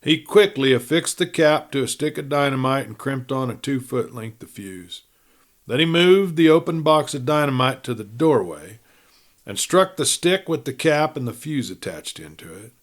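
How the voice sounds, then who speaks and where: A man narrating a western novel at a measured, even pace as host of a storytelling series. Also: medium pitch. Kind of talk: audiobook-style reading aloud.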